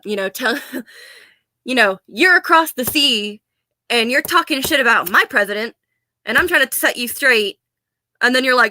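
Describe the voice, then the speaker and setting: A woman's voice: fairly high pitch, lively intonation, normal speed, pauses often, bright, forceful tone, no room sound. An American woman ranting in a casual vlog, blunt, profane and sarcastic, often laughing. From United States. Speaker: vlogger.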